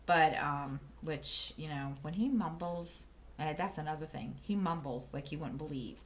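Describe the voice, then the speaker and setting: A woman's voice: low-pitched, moderate pace. A woman chatting casually to her channel while she crafts, rambling through a story with many fillers and restarts. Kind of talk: casual chat while diamond painting. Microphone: desk microphone.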